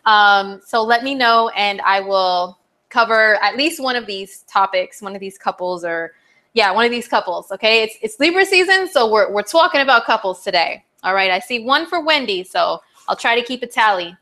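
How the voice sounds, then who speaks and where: A woman's voice: mid-range voice, lively intonation, normal speed, sharp tone. A woman astrologer hosting a live stream, chatting casually and bubbly, often laughing as she answers viewers. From not from New Jersey.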